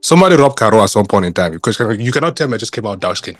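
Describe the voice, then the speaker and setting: Man in a book discussion, lowish voice, dry close sound, animated and rambling with fillers. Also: rapid-fire, no echo, faint music behind. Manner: animated, rhetorical questions, many fillers. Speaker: book club member. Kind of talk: casual discussion.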